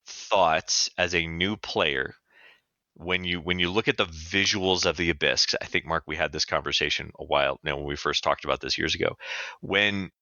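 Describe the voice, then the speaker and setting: A very deep-voiced man with a forceful, bright edge hosts a casual podcast interview. The sound is dry and somewhat dull. He chats loosely and keeps steering the questions. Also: no room sound. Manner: chatty, leads the questions. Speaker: podcast host.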